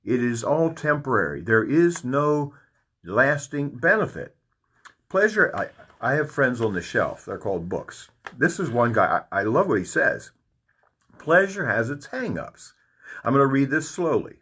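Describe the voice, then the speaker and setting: A man's voice: medium pitch, measured pace, breathy edge. A man leading a Bible study, reading scripture aloud and explaining it with folksy asides and repeated phrases. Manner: animated, reads verses aloud and comments with folksy asides.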